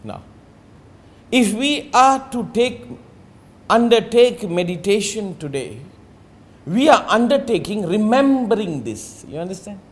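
A man teaching about meditation in an emphatic, rhetorical way. He slows down on key phrases, sometimes drops to a near-murmur, and keeps asking "you understand?". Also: sits high, very animated. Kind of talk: spiritual talk.

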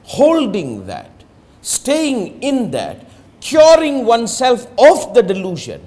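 A man with a high-pitched voice gives a spiritual talk on meditation. His pitch swoops widely, and his delivery is emphatic and rhetorical. He stretches key words and often drops to a near-murmur. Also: huge pitch swings, slow pace, darkish tone. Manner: emphatic, rhetorical, repeats "you understand?". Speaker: meditation teacher.

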